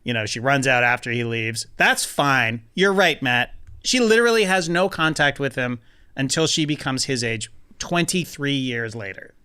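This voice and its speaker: Male co-host, casual movie chat, bright tone, easygoing, talks points through. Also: medium pitch, animated, moderate pace, smooth. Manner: easygoing, agreeable, reasons things out. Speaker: podcast co-host.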